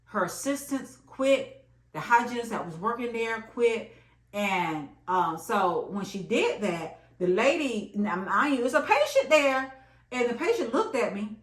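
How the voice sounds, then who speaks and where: A woman in her late thirties telling an emphatic, animated story about her job in a vlog. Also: a little high, unhurried. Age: late 30s. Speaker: vlogger. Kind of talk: storytime monologue. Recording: echoey room.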